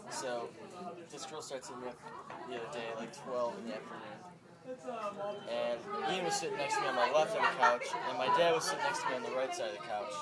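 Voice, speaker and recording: A young man casually telling a story and reading text messages aloud, often laughing as he reads. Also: medium pitch. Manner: breaks into laughter while reading. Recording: loud laughing crowd behind. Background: loud crowd laughter.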